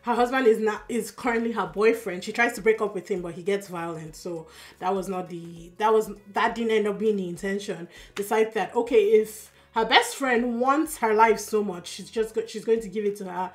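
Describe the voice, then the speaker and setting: A tired woman with a Yoruba accent, casually recapping a TV drama for her channel in a chatty, expressive way with lots of fillers. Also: mid-range voice, normal speed. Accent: Yoruba-accented English. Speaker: drama reaction YouTuber.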